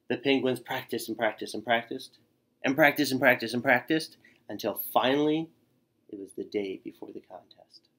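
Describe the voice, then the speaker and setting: A man reading a children's picture book aloud in an expressive way, with gasps and sighs. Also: medium pitch. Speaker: storyteller.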